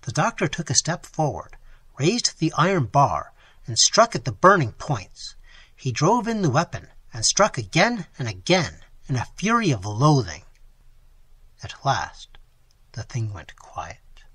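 A man reading a gothic novel aloud in a dramatic, expressive style, his voice strained from long sessions. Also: on the high side, normal speed, breathy edge, dry recording. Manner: dramatic, animated storytelling. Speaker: audiobook narrator.

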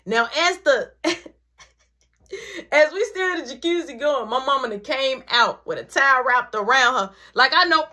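A woman's voice: high voice, normal speed. A woman telling a comedic story in slangy, casual speech and acting out each character. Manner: animated, slangy, acts out every character.

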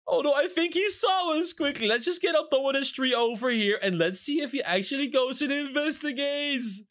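A man's voice: very high voice, expressive, moderate pace, fairly bright tone. A man hosting a gaming video, giving gleeful, giggly commentary while he plays a prank. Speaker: gaming channel host. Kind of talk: excited gameplay commentary.

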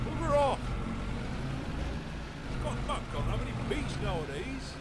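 A man's voice: very high-pitched, big pitch swings, a little slow, very noisy, full character voice. An actor playing a grumpy old male farm boss, grumbling, swearing and scolding in a game roleplay.

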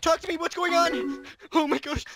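Upset young woman, read out by a male gamer, high, over game music. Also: fairly even intonation, normal speed. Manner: reads chat lines aloud in a raised voice.

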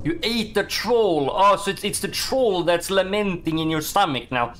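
A man giving excitable, swearing let's-play commentary while he plays a game. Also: high-pitched, moderate pace, a little hiss or hum. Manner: excitable, swears, talks to himself. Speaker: gaming streamer.

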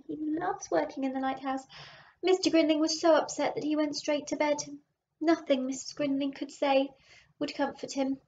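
A woman teacher reading a children's picture book aloud, adding gentle chatty asides, in a dull lo-fi recording. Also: high-pitched, fairly even intonation, normal speed.

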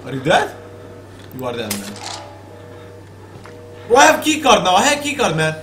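Guy with a really high sharp voice cussing thru a horror game, super worked up. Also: normal speed, reverberant, faint music behind, rough recording. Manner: excitable, swearing, talking back at the game. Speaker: gamer playing a horror game. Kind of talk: profane let's play commentary.

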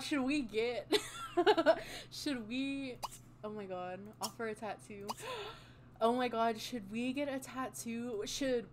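A young woman giving casual, excitable gameplay commentary, swearing and exclaiming often. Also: on the high side, noisy background. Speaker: gaming channel host.

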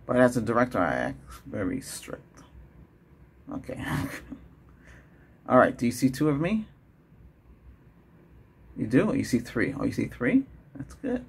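A man in whispered role-play as a doctor, talking in a chatty, rambling way, laughing often and moving between a whisper, a soft voice and his normal voice. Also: medium pitch, very animated, a little slow, vocal fry, pauses often, husky.

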